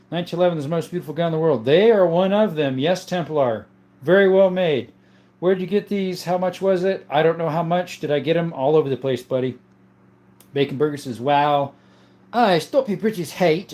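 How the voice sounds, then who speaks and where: A man with a somewhat high voice hosts a relaxed livestream. He reads viewer messages out loud and answers each one in an offhand, chatty way. His replies come with plenty of "uh" and "um" filler. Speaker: livestream host of a gun channel. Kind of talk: casual livestream chat reading viewer comments.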